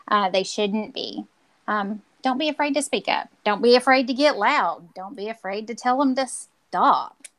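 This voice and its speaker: A woman's voice: mid-range voice, a bit bright, rough recording. Casual-chat co-host: a blunt woman who likes to act out her stories. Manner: blunt, self-described confrontational, acts out scenes. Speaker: podcast co-host.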